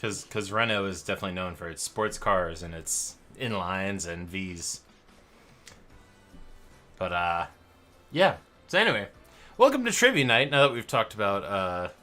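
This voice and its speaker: This man's voice sits fairly low and has a sharp edge to it. He's hosting a trivia night stream over a headset, keeping things casual and chatty with showy, announcer-style intros and rambling asides in a loose livestream-banter style.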